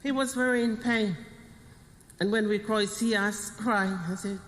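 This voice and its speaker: Woman, middle-aged, Samoan accent, widow's eulogy, halting short phrases, slow delivery, long hall reverb. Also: mid-range voice, steady tone. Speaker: widow of the deceased. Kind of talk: funeral eulogy. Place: funeral service venue.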